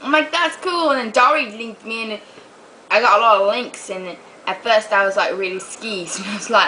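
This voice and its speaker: A young woman with a high, bright voice rants straight into her camera, chatty and animated, swearing freely as she tells her stories. Her voice comes through a built-in camera mic, with faint room noise behind it. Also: normal speed, low-quality recording. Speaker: vlogger. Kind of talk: casual rant to camera.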